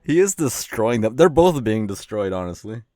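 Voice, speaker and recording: A man on a voice call, laughing as he rambles through a silly made-up scene. His voice sits fairly low and the sound is dry and close. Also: big pitch swings, moderate pace, dark tone, no room sound. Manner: laughing, rambling, jokey storytelling. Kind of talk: casual voice-call chat.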